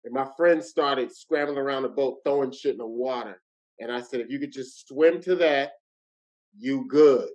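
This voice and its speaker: A man's voice: mid-range voice, moderate pace, a little mellow, muffled recording. A middle-aged man from New Jersey, a guest comedian telling a story in casual chat with street slang.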